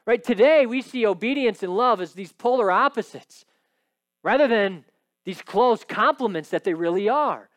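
A man preaching a sermon, emphatic and steady, often tagging points with a quick "right?". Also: sits high, dry recording, clean studio sound. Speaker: pastor.

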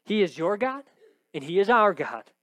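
A male preacher with a fairly high voice teaches through a passage with emphatic stress, often tossing out a quick "right?" to his listeners. The sound is dry and close, with almost no room around him. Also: sing-song, fairly bright tone, dry recording. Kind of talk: sermon with scripture reading.

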